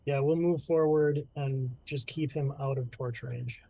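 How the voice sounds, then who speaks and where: A man's voice: medium pitch, steady tone, measured pace, vocal fry, mellow, dry recording, rough recording. A man playing in a streamed tabletop game, casual and eager. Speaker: player.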